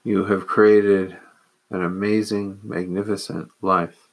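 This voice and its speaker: A man reciting, in his own voice, the slow and reverent prayer of a grateful, devout woman. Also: sits low, little pitch movement, heavily acted. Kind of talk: quoted prayer.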